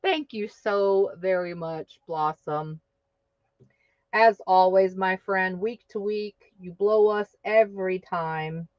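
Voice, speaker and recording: A woman hosting an online craft market live stream, exuberant and cheering winners with loud whoops. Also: medium pitch, slow pace, no room sound, dull audio.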